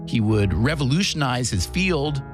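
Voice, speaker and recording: A man's voice: medium pitch, expressive. Man narrating a documentary podcast over music. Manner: measured storytelling narration. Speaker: podcast host. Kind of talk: scripted narration.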